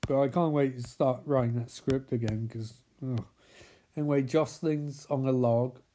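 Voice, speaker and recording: A man's voice: medium pitch, steady tone, normal speed, warm tone, slight background noise. A young man recapping a film with sarcastic, rambling, sweary commentary. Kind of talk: comedic movie recap.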